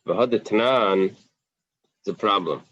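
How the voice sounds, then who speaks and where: A man's voice: on the low side, takes it slowly, a bit bright, no room sound, lo-fi sound. A man teaching a Talmud class in plain English, mixing in Aramaic and Hebrew quotes, with fillers and restarts. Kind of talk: daf yomi Talmud class.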